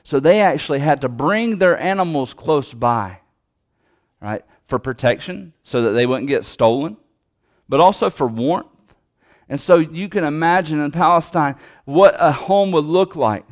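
A man delivers a sermon in a relaxed, conversational way. He often restarts his sentences and turns to the congregation with asides. His voice sits somewhat high for a man. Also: a little slow. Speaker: preacher.

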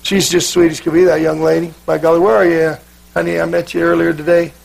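A man's voice: fairly high pitch, flat delivery, quick pace, gravelly. A man pastor, joking with his congregation and then leading fervent worship in prayer. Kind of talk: sermon.

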